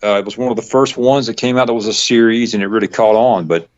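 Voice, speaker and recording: A man with a Southern accent from the Atlanta area, chatting casually in a rambling, halting way with frequent laughs. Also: fairly low pitch, fairly even intonation. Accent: Southern US, Georgia. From Georgia, US South. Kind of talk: casual chat. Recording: dull lo-fi podcast audio.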